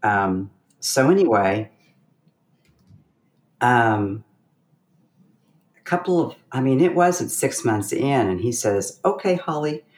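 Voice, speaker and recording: Woman, middle-aged, pianist guest, animated storyteller, casual talk. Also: very deep voice, slow pace, pauses often, echoey room. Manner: animated storyteller with bursts of laughter.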